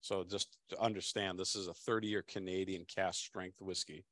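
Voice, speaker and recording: A man presenting whiskeys at a tasting, speaking casually in halting bursts full of restarts and easy laughter. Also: sits low, fairly even intonation, fairly bright tone, no room sound.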